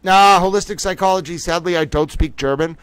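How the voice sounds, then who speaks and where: A man's voice: high-pitched, a little fast, fairly bright tone, clean tone, dry recording, poor audio. A man hosting a casual livestream trivia game, reading out questions and making playfully indignant, rambling asides.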